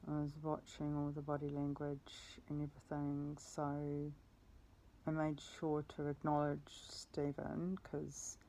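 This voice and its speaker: Woman, low voice, gravelly fry, rambling personal story, self-correcting. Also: completely flat delivery, slow, mellow, slight background noise, rough recording. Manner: meandering, self-correcting, casual swearing. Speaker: vlogger.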